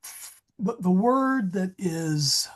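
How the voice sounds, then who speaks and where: A man's voice: high-pitched, animated, slow pace. A man teaching a Latin grammar class, talking in a digressive way and often correcting himself. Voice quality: very husky. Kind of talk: classroom lesson. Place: church meeting room.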